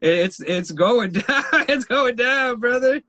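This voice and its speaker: High bright-voiced ranting podcast man. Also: lively intonation, slow pace, dry recording. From South Texas. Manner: profane, ranting, laughs often. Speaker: podcast host. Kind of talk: casual podcast chat.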